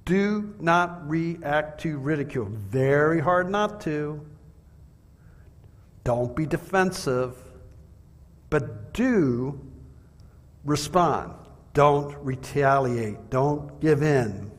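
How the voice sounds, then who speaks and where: A man preaching a sermon, measured and earnest, asking his listeners rhetorical questions. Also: a little high, lively intonation. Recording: long hall reverb.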